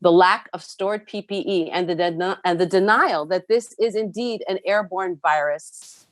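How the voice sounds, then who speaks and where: New woman, 50s, deep-ish voice, reading union testimony at a hearing, earnest and emphatic, dry sound. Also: dry recording. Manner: earnest, emphatic, reads a prepared statement with stresses and repeats. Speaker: nurses' union president testifying. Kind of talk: prepared testimony at a public hearing.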